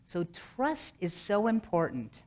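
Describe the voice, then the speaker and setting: A middle-aged woman minister giving a sermon, earnest and rhythmic, slowly repeating a mantra. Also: mid-range voice, very animated, darkish tone.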